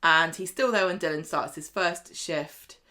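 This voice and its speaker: A woman's voice: deep voice, measured pace, sharp tone. Wry woman recapping a soap. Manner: wry, acts out characters' lines. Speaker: podcast co-host. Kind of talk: casual chat recapping a soap.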